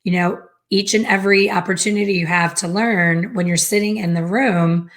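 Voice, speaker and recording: A middle-aged woman telling a personal story as a hair color educator, lively and acting out the dialogue she quotes. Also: medium pitch, moderate pace.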